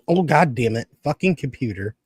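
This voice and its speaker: A man's voice: medium pitch, very animated, a little slow, darkish tone, husky, no echo, studio quality. A man co-hosting a podcast in a laid-back way, swearing and laughing easily. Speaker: podcast co-host. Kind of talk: casual chat.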